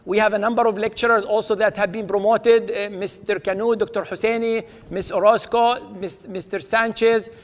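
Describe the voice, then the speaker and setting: A dean with a high male voice delivers a ceremony speech at an awards event, his steady tone moving at a moderate pace with few pauses. Recorded in a reverberant auditorium with an audience present, he upbeat-ly names honorees and cues applause.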